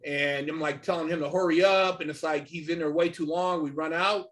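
A middle-aged man telling a story casually and animatedly, swearing often and filling pauses with "you know" and "man". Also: fairly high pitch. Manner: animated, swears a lot, many fillers. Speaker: podcast guest.

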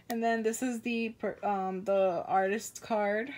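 A woman's voice: on the high side, little pitch movement, measured pace, few pauses, slight background noise. A woman vlogger in casual unboxing chat at home, gushing and exclaiming often, trailing off mid-sentence. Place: home with a pet bird.

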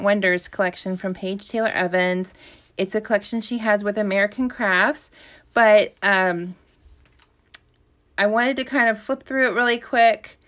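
Woman host, casual live-stream chat, rambly with ums and restarts, mid-pitched voice. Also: fairly bright tone. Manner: chatty, rambling, with frequent ums and self-corrections. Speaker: craft shop owner hosting a live stream.

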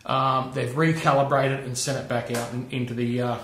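A man's voice: mid-range voice, little pitch movement, a little fast, a bit bright, slight background noise. Man chatting in an echoey workshop. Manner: chatty, checks in with okay and all right. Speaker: machinist showing tools. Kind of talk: casual workshop demonstration. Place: home workshop.

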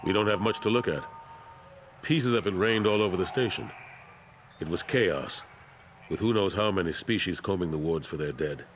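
Man doing a tired old soldier stuck on a council, real deep voice, calm and steady, game dialogue. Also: moderate pace, long pauses, a little hiss or hum, lightly acted. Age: older. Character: weary older male soldier turned councilor. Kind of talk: video game voice acting.

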